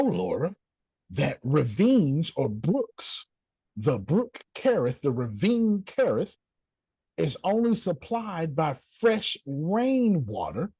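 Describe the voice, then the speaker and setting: A man teaching like a preacher, his pitch rising and falling widely. The voice is husky and sits close in a dry space. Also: slow, dry recording. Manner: animated, repeats phrases, calls listeners by name. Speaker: host and teacher. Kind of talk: preaching-style teaching talk.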